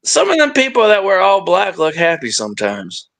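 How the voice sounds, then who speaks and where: A man's voice: high voice, huge pitch swings, normal speed, vocal fry, a bit bright. A man co-hosting a casual podcast, telling a rambling, profane story with bursts of laughter. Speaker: podcast co-host.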